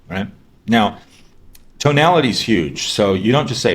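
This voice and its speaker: Male sales trainer, low register, casual lecture delivery with restarts. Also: expressive, fairly quick. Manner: conversational, many fillers and restarts; acts out sample questions in a lighter voice. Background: dogs barking.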